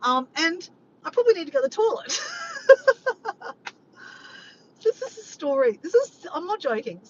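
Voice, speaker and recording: A woman rambling to her viewers on a live stream, animated and swearing freely. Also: high-pitched, fast. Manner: animated, swears often, keeps addressing "guys". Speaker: vlogger doing a live stream. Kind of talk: rambling casual chat to viewers. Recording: slightly muffled, faint background noise.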